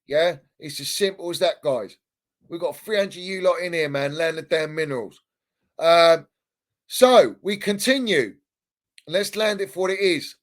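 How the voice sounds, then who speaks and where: A man's voice: on the high side, expressive, measured pace. A man hosting a fan channel livestream, ranting heatedly in slang and repeating himself. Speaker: football fan channel host.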